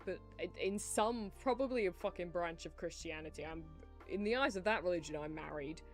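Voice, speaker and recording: A woman's voice: on the low side, brisk. Young female streamer, rambling and giggly, casual swearing, faint music underneath. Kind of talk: casual livestream chat while drawing.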